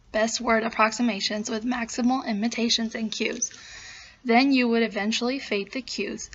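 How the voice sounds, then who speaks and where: Flat-voiced woman reading a class presentation. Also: on the high side, a little hiss or hum. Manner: steady, listing steps in order. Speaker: student presenter. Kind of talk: read-aloud class presentation. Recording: dull lo-fi recording.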